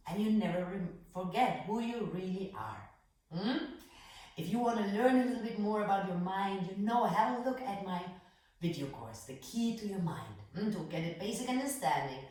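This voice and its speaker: A woman from Bavaria whose first language is German, closing a yoga lesson as teacher and life coach, gentle and often adding a soft "mm?". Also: lowish voice, heavy reverb, far from the mic, poor audio. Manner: gentle, adds soft "mm?" after phrases. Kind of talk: closing talk of a yoga class.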